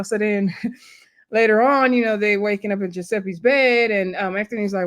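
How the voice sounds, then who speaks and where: A woman's voice: medium pitch, fairly even intonation, moderate pace. A woman recapping a TV episode in a casual, chatty way, often laughing as she tells the story. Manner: chatty, laughing storyteller who acts out quotes. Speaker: TV show reviewer.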